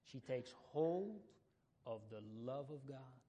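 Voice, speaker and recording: In a warm, medium-pitched voice, a man preaches an animated, fervent sermon at a slow pace. He rises into emphatic outbursts before his congregation and keeps repeating key phrases.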